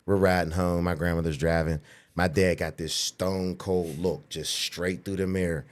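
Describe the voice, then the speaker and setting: A man in his forties, from the Pittsburgh area, telling a profane childhood story as a podcast guest, animated and acting out the voices of people he quotes. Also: sits low, moderate pace. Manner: profane, animated, acts out quoted voices, frequent "you know what I'm saying". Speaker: podcast guest, pro bodybuilder. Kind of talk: casual storytelling in a podcast interview.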